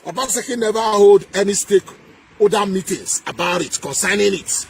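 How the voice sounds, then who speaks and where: High-voiced Nigerian man ranting emphatically. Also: animated, moderate pace, vocal fry, slight background noise. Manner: emphatic, repeats phrases, sing-song rises and shouted bursts. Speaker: political commentator. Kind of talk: heated political rant.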